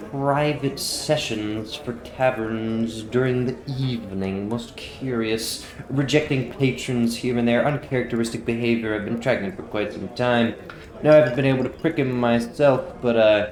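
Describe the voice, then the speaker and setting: A man voicing a gruff male informant in a tabletop game, talking in a rambling, conspiratorial way. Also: medium pitch, natural voice. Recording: roomy echo.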